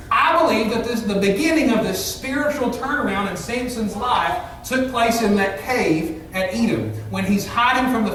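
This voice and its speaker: Male pastor, emphatic sermon delivery, very high voice, roomy church sound with faint background noise. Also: a bit bright, far from the mic. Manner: earnest, emphatic preaching with rhetorical questions. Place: church sanctuary. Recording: echoey church hall, mic from afar.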